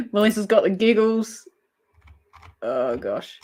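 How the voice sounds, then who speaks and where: Giggly Australian woman, unhurried. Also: medium pitch, very animated, a little mellow. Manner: giggly, chatty, reads viewer comments aloud. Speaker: crochet livestream host. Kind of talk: casual live-chat banter.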